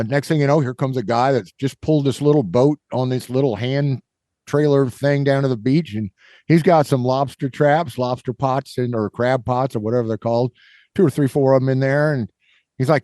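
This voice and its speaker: A middle-aged Kansas podcast host casually tells a rambling tale, full of fillers and impressions of the people in it. His mid-range, slightly mellow voice moves at a moderate pace, recorded in clean studio sound with no echo.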